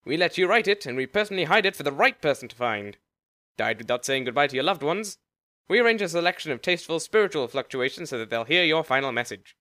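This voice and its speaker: A man's voice: fairly high pitch, animated, fast, bright, forceful tone, no room sound. Man doing a suave afterlife agent. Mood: salesy. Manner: polished salesman patter, formal. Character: smooth, courteous male afterlife agent.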